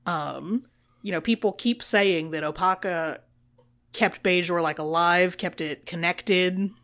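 Animated sarcastic woman recapping a show. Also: on the low side, slow. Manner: animated, sarcastic, quotes characters in little voices. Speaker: podcast co-host recapping a TV episode. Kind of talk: casual chat.

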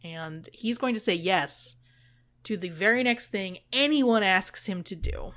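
A woman's voice: mid-range voice, a little slow, fairly bright tone. Female podcast co-host, mid-range voice, chatty recapper, gushing and profane. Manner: chatty, gushing, swears freely. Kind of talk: casual episode recap chat.

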